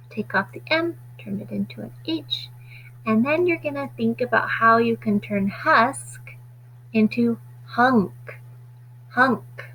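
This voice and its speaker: A woman teaching a phonics lesson to children, stretching out sounds slowly and deliberately. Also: a little high, creaky, a bit bright, a little hiss or hum, rough recording.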